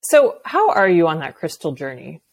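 A young woman guest with a notably low voice for a woman, chatting casually on a podcast. She is candid and loose, and breaks into laughter often. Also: wildly swooping pitch, normal speed, vocal fry, no echo. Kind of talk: casual chat.

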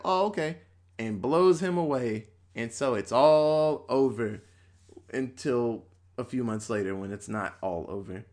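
A man in his thirties, a podcast host, chatting casually and profanely, acting out bits in quick voices. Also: on the high side. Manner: loose and profane, acts out quotes. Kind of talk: casual chat.

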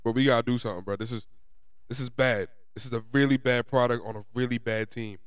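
A young man from New York, his New York accent coming through as he rants. He talks in an emphatic, profane, fed-up way, like a fan vlogger venting. His voice is smooth and resonant, recorded dry and close. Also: mid-range voice, steady tone, fast, no echo. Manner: frustrated, profane, emphatic ranting. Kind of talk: ranting fan commentary.

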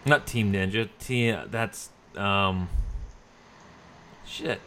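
A man chatting casually about video games, relaxed and trailing off, correcting himself as he goes. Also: lowish voice, very slow, slight background noise. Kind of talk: casual gaming chat.

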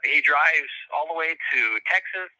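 Male guest storyteller, very bright sharp tone, dry close sound, rambling with fillers. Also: on the high side, a little slow, no room sound, low-quality recording. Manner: rambling, many fillers and restarts. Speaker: professor. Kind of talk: casual storytelling in an interview.

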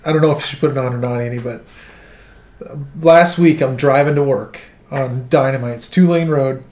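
A man telling a profane, animated story in casual chat, quoting the people in it. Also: medium pitch, brisk. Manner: animated, profane anecdote-telling with quoted dialogue. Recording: roomy room echo.

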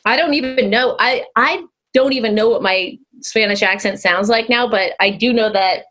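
A woman's voice: on the high side, normal speed, fairly bright tone. A woman co-hosting a casual chat, telling stories in a chatty way and laughing often. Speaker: podcast co-host.

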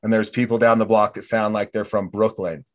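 This podcast host, a middle-aged man from North Dakota, USA, tells stories in casual talk and plays out the dialogue he recounts. His voice is lowish and a little fast, with flat delivery.

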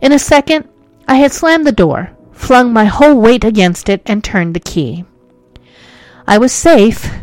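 A woman's voice: a little high, a little mellow, dry recording. A woman reading a ghost story aloud as narrator, with dramatic, suspenseful delivery.

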